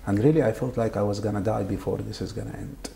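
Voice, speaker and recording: An emotional interview: a man from Saudi Arabia, first language Arabic, haltingly recounts what he lived through and keeps repeating words. His lowish, warm voice has vocal fry and fairly even intonation, and faint background noise can be heard.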